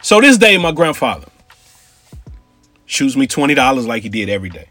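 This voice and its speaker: A man from Cincinnati telling a casual story in street slang, with animated asides to his listeners. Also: mid-range voice, fairly quick, pauses often, no room sound, faint music behind.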